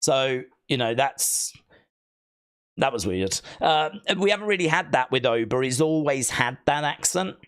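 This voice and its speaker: A man's voice: medium pitch, animated, unhurried, a bit bright, clean tone. A man hosting a live wrestling watch-along, rambling and hesitant as he answers chat questions. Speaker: live stream host. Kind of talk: casual watch-along commentary.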